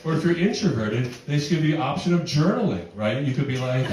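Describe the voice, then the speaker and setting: A man's voice: fairly high pitch, huge pitch swings, slow pace, background noise. A middle-aged man performing a stand-up comedy set in a rambling, self-deprecating way, filling his talk with "like" and "you know". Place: barn music venue with live audience. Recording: echoey room, distant mic, crowd laughter.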